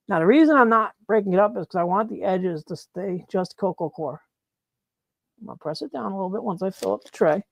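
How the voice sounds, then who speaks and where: A man chatting excitedly on a live stream as he works on his mushroom grow, laughing and apologizing often. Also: sits high, fast talker, vocal fry, no echo. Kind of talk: live-stream chat while working. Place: grow room, indoors.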